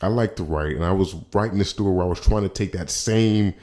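A man with a very deep voice talks through his own podcast in a relaxed solo monologue. He rambles, restarts his sentences often and drops slangy asides as he goes. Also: quick pace. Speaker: podcast host.

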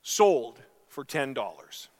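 A man voicing a calm, firm male auctioneer who makes measured, formal calls for bids. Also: mid-range voice, in a large hall, slight background noise. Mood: steady.

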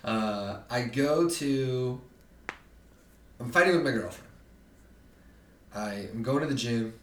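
A young man, a podcast guest, telling a story in an animated, profane way and acting out the other people in it. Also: mid-range voice, takes it slowly. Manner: profane, animated, acts out quoted voices. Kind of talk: casual storytelling. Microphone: distant from the mic. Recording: roomy, distant mic, faint background noise.

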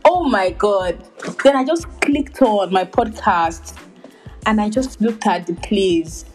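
Slow-talking giggly young woman podcaster. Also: mid-range voice, lively intonation, faint music behind, rough recording. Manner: giggly, heavy use of filler words, many restarts. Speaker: podcast host. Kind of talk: casual podcast chat.

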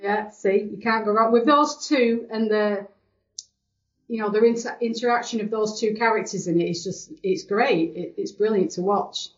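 A woman's voice: mid-range voice, normal speed. A woman co-hosting a casual film chat, enthusiastic and agreeable. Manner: enthusiastic, agreeable, laughs often. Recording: dull lo-fi recording.

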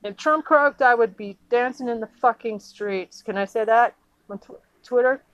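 A woman from the United States in an angry, profane political rant, indignant and halting, with many restarts. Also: fairly high pitch, a bit bright, no echo, poor audio.

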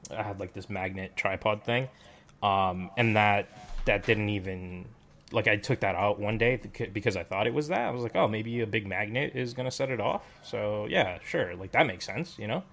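A man's voice: on the low side, moderate pace, fairly bright tone, a little hiss or hum. A man chatting casually with friends, rambling with lots of fillers and restarts. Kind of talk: casual chat.

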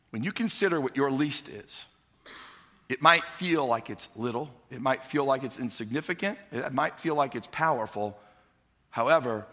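Bright-voiced pastor preaching in a hall. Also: male voice, on the high side, normal speed. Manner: animated storytelling, acting out characters. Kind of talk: sermon. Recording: long hall reverb.

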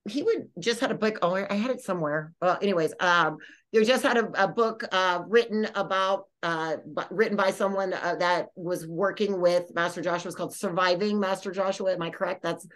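Rambling animated woman host. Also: lowish voice, fairly quick. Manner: rambling, animated, lots of fillers and restarts. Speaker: podcast host. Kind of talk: casual storytelling.

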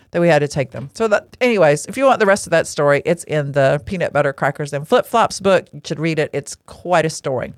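A woman's voice: on the low side, dry recording, clean studio sound. A middle-aged woman, telling a personal story in a chatty, rambling way and laughing easily. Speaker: ministry leader and podcast host. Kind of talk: casual storytelling talk.

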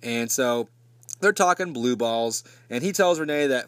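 A man's voice: medium pitch, animated, unhurried, a bit bright, dry recording. A man recapping a bad movie in a casual, profane way, full of sarcastic asides and mockery. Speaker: movie reviewer.

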